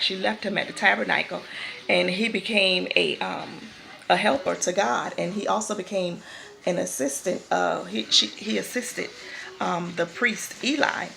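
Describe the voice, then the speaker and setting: A woman's voice: mid-range voice, gravelly, pushed and bright, low-quality recording. A woman giving a casual spoken devotional, talking in a conversational way that repeats and restarts phrases. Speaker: vlogger giving a faith talk.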